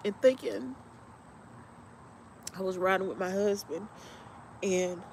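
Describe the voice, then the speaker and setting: A woman hosting a podcast, telling a personal story in a halting, heartfelt way while tearful. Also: medium pitch, creaky, rough recording. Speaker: podcast host. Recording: noticeable background noise.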